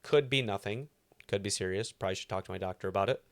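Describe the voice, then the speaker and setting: Male podcast co-host, low pitch, loose rambling chat. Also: fast. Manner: rambling, lots of fillers and restarts. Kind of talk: casual chat.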